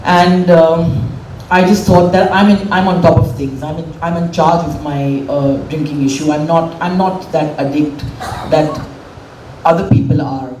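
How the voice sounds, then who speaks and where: A woman's voice: sits low, fairly even intonation, a little slow, background noise. Middle-aged woman, candid emotional speech, roomy hall, heard from a distance. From India. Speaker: guest speaker at an event. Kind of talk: public speech. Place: event hall, on a dais.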